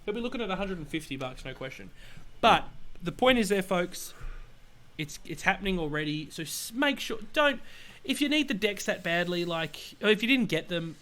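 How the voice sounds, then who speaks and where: Aussie guy on a podcast, higher voice, gets worked up and jumps way up in pitch. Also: normal speed. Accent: Australian. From Australia. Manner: animated, exasperated storytelling with sudden high outbursts. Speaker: podcast co-host. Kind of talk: casual chat.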